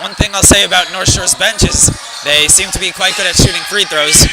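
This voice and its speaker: A young man commentating a school basketball game live, excitable and joking, hyping up one player. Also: sits high, fairly quick. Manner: excitable, hypes up a player, jokey. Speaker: student play-by-play commentator. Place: school gym. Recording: loud gym noise behind.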